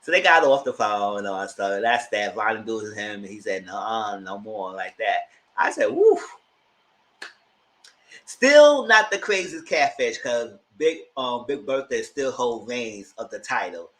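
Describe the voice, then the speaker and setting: A man giving a casual recap, switching to high-pitched exclamations when he acts out reactions. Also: animated, normal speed, hardly any pauses, sharp tone, low-quality recording. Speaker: YouTube reviewer.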